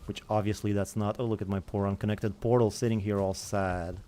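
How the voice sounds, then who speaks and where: Low, mellow-voiced man playing a game. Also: steady tone, brisk, slight background noise. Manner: rambling, self-mocking, thinks aloud; reads and answers chat. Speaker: gaming streamer. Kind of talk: casual let's-play commentary.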